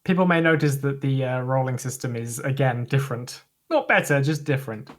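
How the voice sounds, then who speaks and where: A man's voice: mid-range voice, fairly quick. A man playing a tabletop game with a dry, teasing manner. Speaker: player. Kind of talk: casual tabletop play chat.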